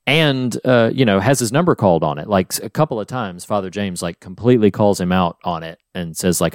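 Earnest low-voiced man discussing a film. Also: brisk, few pauses, no echo, studio quality. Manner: earnest, emotional, retells scenes at length. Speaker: podcast co-host.

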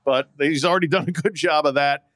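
A man's voice: a little high, fairly quick, fairly bright tone, no echo, studio quality. A man talking as a sports columnist guest on a podcast from an outdoor patio, chatty with many restarts and fillers. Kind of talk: casual sports podcast chat.

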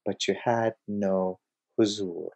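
A man quoting a gentle, loving mystic teacher who patiently corrects a student, in a soft voice. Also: lowish voice, steady tone, slow pace, gravelly. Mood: gently correcting.

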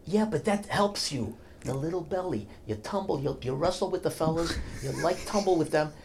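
Middle-aged man, guest in a chat, animated storyteller, faint background noise. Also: fairly high pitch, normal speed. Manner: animated storyteller, bursts of laughing shouts. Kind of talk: casual chat.

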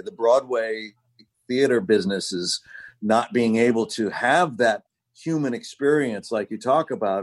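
A man's voice: medium pitch, a little mellow. A man in casual conversation, speaking in a hesitant, wistful way. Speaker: theater lover.

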